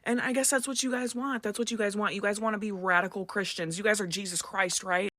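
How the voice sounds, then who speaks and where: A woman's voice: mid-range voice, steady tone, fast talker, a bit bright, no room sound. A woman ranting furiously to camera and swearing heavily. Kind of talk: emotional rant to camera.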